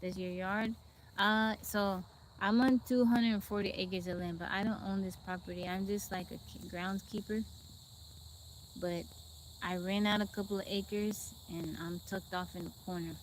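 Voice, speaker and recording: Unhurried and mid-range in pitch, a woman from Texas chats casually on her live stream from an outdoor, wooded spot. She goes through viewer comments, calmly welcoming and thanking people one by one into her phone, with faint birdsong and insect noise around her.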